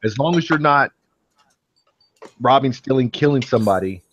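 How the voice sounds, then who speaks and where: A man's voice: mid-range voice, animated, moderate pace, a bit bright. Man on a muffled, noisy call. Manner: earnest, steering the topic. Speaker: chat participant. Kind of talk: casual group voice chat. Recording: muffled call with faint noise.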